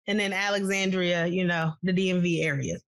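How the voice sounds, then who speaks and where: A woman's voice: on the low side, fairly even intonation, a little fast. A woman from the Washington DC area co-hosting a podcast, upbeat and chatty, greeting listeners in casual talk. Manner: upbeat, chatty, giving shout-outs to listeners. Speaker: podcast co-host. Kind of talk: casual chat.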